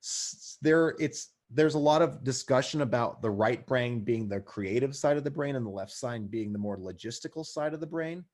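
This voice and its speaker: A man's voice: mid-range voice, a little mellow. Man lecturing with casual dry asides. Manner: conversational, dry asides, checks in with "right?". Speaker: paramedic instructor. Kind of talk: recorded lecture.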